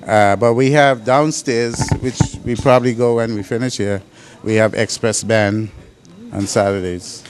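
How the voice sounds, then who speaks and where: A man who runs a restaurant, answering interview questions in a hesitant way with many pauses and fillers. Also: fairly low pitch, fairly even intonation. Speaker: restaurant owner or manager.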